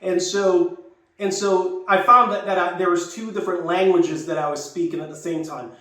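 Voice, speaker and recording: This older man from Jamaica speaks in a fairly high voice and tells his story in a loose, reflective ramble, often circling back to restart a thought. He sounds some way off from the mic in a very echoey room. Soft music plays behind him. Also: steady tone, moderate pace, far from the mic. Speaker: YouTuber. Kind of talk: casual personal storytelling.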